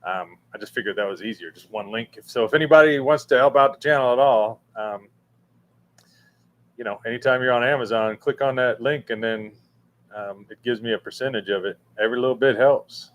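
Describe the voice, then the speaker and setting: Casual livestream host, male, middle pitch, halting and rambling, lots of fillers. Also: fairly bright tone. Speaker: livestream host answering chat. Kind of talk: casual live chat. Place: room with a fan running.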